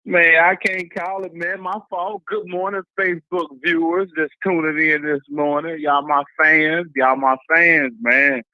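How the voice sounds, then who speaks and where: A high-pitched man calling in to a talk show. He speaks passionately, repeating his points as if preaching. His voice comes through a dull, lo-fi phone line with little room sound. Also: fairly even intonation, a little slow, hardly any pauses, no room sound. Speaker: caller. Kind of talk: casual call-in rant.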